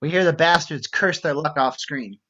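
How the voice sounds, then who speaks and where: A man reading stage directions aloud in a steady, matter-of-fact way. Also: a little high, moderate pace, lo-fi sound. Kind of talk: script reading narration.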